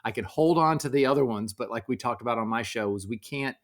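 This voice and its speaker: A man in his forties, a podcast guest, telling relaxed family stories in casual conversation with frequent restarts. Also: medium pitch, fast talker.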